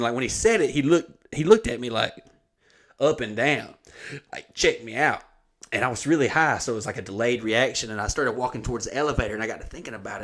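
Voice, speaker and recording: Crude, animated male storyteller. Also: mid-range voice. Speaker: comedian host. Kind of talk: casual storytelling chat.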